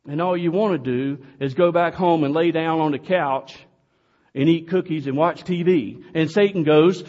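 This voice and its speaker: A pastor delivering an earnest sermon in a church, speaking slowly with occasional loud calls to the congregation. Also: male voice, on the high side. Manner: slow, earnest preaching with sudden loud calls. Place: church sanctuary. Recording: dull, distant sound in a reverberant hall.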